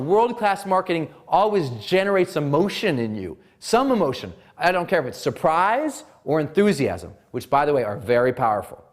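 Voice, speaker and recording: A man from Montana teaching marketing in an energetic, emphatic way that he calls practically singing. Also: mid-range voice. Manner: animated, sing-song emphatic delivery. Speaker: marketing coach. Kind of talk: energetic instructional talk.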